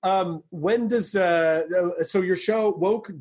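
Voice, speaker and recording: A host from Tennessee with a high, husky voice. He chats excitably and swears freely. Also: slow pace. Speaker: podcast host. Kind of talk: casual interview chat.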